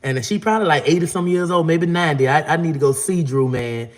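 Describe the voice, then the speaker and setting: A man's voice: on the high side, fast. A man, casually telling a long, profane story. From Florida. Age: 40s. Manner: profane, rambling, acts out quotes in a raised voice. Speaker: vlogger.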